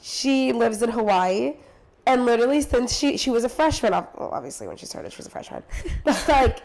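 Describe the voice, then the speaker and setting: A woman's voice: on the high side, big pitch swings, brisk, darkish tone. A young woman in her twenties co-hosting a podcast, chatting casually with many filler words and laughing asides. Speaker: podcast co-host, cheer coach. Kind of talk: casual chat.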